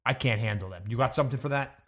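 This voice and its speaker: A man playing the captain on the bridge in an improvised sci-fi role-play, delivering absurd lines in a deadpan, matter-of-fact way. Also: mid-range voice, racing. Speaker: player as ship's captain on the bridge.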